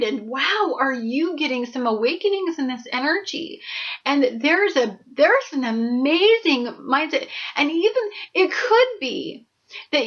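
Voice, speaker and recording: A woman's voice: high-pitched, muffled recording. A woman hosting an astrology show, giving an emphatic, preachy spoken reading. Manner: emphatic, preachy, animated asides. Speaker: astrology host.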